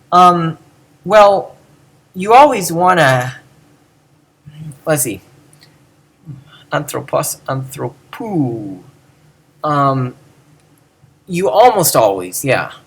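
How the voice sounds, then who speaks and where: A man's voice: mid-range voice, a bit bright. A man giving a casual lecture, musing aloud and often correcting himself with many ums. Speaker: teacher.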